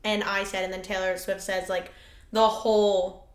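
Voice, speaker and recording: Woman, podcast co-host; casual, agreeable chatter, mid pitch, echoey room. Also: flat delivery. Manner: agreeable, quick interjections. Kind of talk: casual chat.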